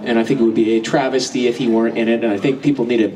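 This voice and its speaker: A man's voice: medium pitch, steady tone, very fast, darkish tone, a little hiss or hum. A man answering fan questions on a convention panel, laughing often and swearing freely as he tells stories. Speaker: voice actor guest at a convention panel. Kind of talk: casual convention Q&A, profane and joking. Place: large convention hall with audience. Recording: distant mic in crowded hall.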